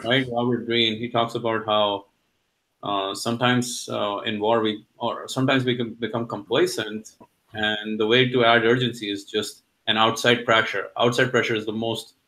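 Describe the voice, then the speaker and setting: A man's voice: fairly low pitch, level tone, moderate pace, sharp tone, poor audio. A man chatting as a podcast guest, earnest and hesitant, with many uhs. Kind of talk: casual chat.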